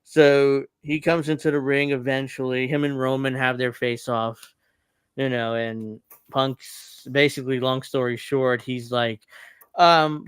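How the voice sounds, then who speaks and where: A man's voice: mid-range voice, flat delivery, a little slow, clear, resonant tone, no echo, studio quality. A man hosting a podcast, recapping wrestling events in casual chat and laughing often. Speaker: podcast host.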